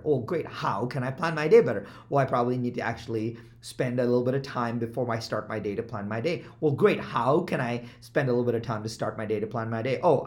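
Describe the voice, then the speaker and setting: A man, a business coach, giving an energetic motivational talk with repeated rhetorical questions that swing from loud to hushed. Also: mid-range voice.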